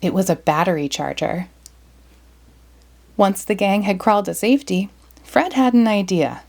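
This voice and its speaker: A woman reading a children's storybook aloud in a lively, expressive way. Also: mid-range voice, moderate pace, vocal fry. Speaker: storybook reader. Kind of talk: children's read-aloud narration.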